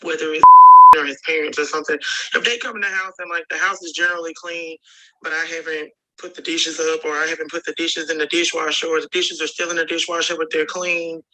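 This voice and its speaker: A woman's voice: low voice, sing-song, fairly quick, sharp tone, low-quality recording. A woman leaving a voice memo for a podcast, reflective and rambling as she talks things through aloud. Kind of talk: recorded voice memo.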